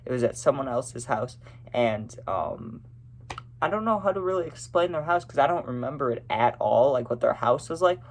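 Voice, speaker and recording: A man's voice: mid-range voice, expressive, normal speed, a little hiss or hum. A young man telling a casual personal story, rambling and filling his talk with "you know" and "right".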